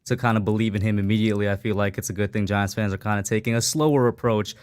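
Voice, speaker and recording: A man's voice: fairly low pitch, fairly even intonation, rapid-fire, clean tone. A man who makes fan videos on YouTube, chatting in a friendly way with easygoing slang. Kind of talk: casual stream chat.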